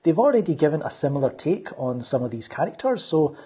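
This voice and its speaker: Husky-voiced man chatting loosely. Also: on the high side, big pitch swings, fast talker, mellow. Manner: rambling, with many fillers and restarts. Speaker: channel host. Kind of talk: casual podcast chat.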